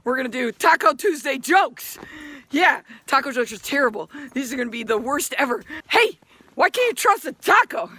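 A woman's voice: high voice, sing-song, moderate pace, sharp tone, slight background noise. A woman telling corny jokes on a radio segment, goofy and laughing at her own punchlines. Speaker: joke teller on a radio segment. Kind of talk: bouncy joke segment.

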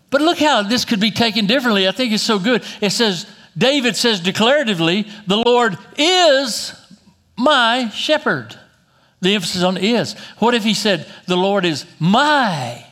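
A middle-aged man preaching a sermon as pastor, rising loud and high then dropping soft and slow for emphasis.

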